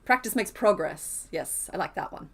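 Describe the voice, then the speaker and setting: A woman chats on a live stream as she crochets, talking through each stitch out loud. She wanders off into little tangents and laughs often, and her tone stays relaxed and easygoing throughout. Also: medium pitch, moderate pace. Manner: chatty, thinks aloud, laughs often. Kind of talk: casual live-stream chat while crocheting.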